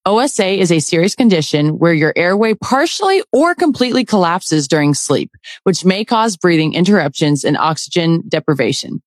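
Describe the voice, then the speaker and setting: A woman reading a scripted advertisement in a calm, informative way. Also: on the low side, normal speed, hardly any pauses, dry recording, studio quality. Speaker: ad announcer. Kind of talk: scripted ad read.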